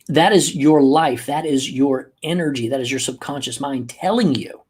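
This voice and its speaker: Husky-voiced man giving a motivational talk. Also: medium pitch, normal speed, hardly any pauses, darkish tone. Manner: emphatic, acts out angry outbursts. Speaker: podcast host and coach. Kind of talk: motivational podcast monologue.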